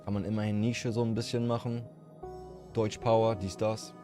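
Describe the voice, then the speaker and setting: A German man with a German accent and a low voice chats on a livestream in a rambling, frank and profane way. Soft music plays quietly in the background. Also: flat delivery, normal speed. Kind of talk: casual livestream chat with viewers.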